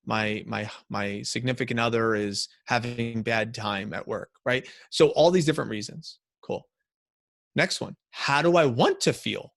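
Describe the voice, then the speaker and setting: A man giving a motivational talk to a company's staff, energetic and repeating key phrases for emphasis. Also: medium pitch, measured pace, vocal fry, no room sound, studio quality. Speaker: motivational speaker.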